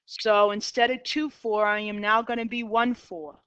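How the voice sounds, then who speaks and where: A woman's voice: mid-range voice, flat delivery, normal speed, fairly bright tone, clean tone, dry recording. A middle-aged woman with a Boston accent teaching a math class, talking herself through graph sketches in an upbeat way. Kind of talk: classroom lecture. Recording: dull lo-fi, dry.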